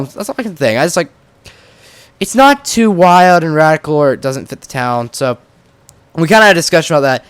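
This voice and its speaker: A man's voice: fairly high pitch, dry recording. Young guy doing game commentary, jokey and self-mocking, kinda stuffy from a cold, clean dry mic. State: slightly congested from a cold. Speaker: Minecraft let's-play host. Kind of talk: casual gameplay commentary.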